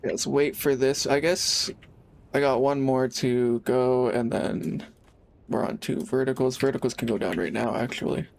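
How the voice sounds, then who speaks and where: A man's voice: medium pitch, fairly even intonation, measured pace, creaky. Laid-back young man streaming a game. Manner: rambling, laid-back, swears freely. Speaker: live streamer. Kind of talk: casual gaming livestream chat.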